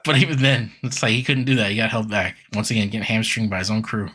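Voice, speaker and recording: Male podcast co-host, forceful and a bit raspy, loose filler-heavy recap chat. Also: fairly low pitch, fairly even intonation, fast. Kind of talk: casual chat recapping a cartoon episode.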